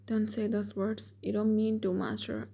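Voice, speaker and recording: Hurt young woman maid, bitter and formal, read by a woman; dark, husky tone. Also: medium pitch, level tone, moderate pace.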